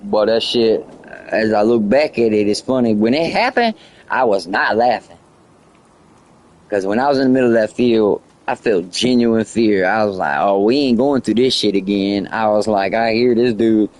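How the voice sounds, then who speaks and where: A man on a live game stream, casually telling a story in a profane, excitable way. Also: on the low side, normal speed. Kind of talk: casual storytelling while gaming.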